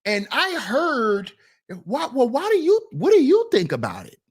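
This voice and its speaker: Animated laughing man talking to the fellas. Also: very high voice, unhurried, husky. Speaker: online commentator reacting to clips. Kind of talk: casual reaction commentary.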